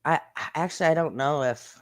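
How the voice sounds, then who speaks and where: A livestream host reacts to viral clips in a blunt, indignant way, with mild swearing. The voice sits at an ordinary middle pitch and chats straight to the viewers. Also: a little fast. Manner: chatty, talks straight to the viewers. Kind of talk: casual livestream commentary on viral videos.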